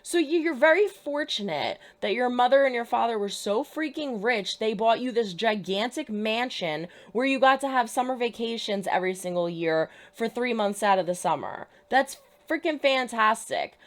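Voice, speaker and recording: A woman's voice: fairly high pitch, expressive, normal speed, few pauses. A young adult woman hosting a reaction channel, talking through a TV episode in an emphatic, exasperated way. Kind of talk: casual TV reaction commentary.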